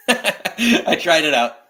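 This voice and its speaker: A man with a bright, forceful voice co-hosts a casual chat show. He talks with eager enthusiasm, rambling and restarting his sentences as he goes. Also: fairly high pitch, big pitch swings, drawn-out words. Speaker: podcast co-host.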